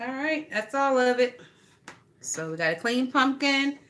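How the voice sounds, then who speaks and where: A woman's voice: high voice, lively intonation, a little slow, a bit bright. A woman chatting casually and gossiping bluntly, with a lot of swearing, while she works on a craft project. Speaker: vlogger.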